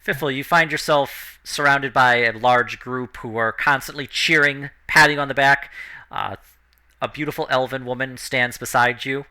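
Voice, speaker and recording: Bright-voiced man narrating a tabletop game. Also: medium pitch, moderate pace. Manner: relaxed, loose narration with fillers. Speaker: game master.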